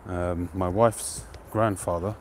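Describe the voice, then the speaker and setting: A man hosting a live stream outdoors, chatting to viewers in a relaxed, rambling way and greeting them by name. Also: sits low, slow pace, slight background noise. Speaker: pipe-smoking livestream host. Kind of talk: casual live-stream chat.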